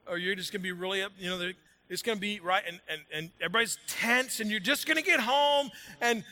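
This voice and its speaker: A man's voice: sits high, quick pace, pushed and bright. A man preaching a sermon to a congregation, conversational and jokey, building energy and then settling into reading scripture. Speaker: pastor. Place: large room with congregation.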